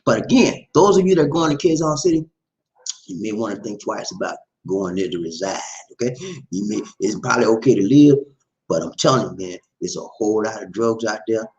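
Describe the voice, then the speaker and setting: A man's voice: lowish voice, animated, brisk, a little mellow, dull audio. A man hosting a live stream, reading viewer comments and commenting on the news in a rambling, emphatic way, repeating his phrases and calling listeners "man". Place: lives in the Philippines. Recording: echoey room.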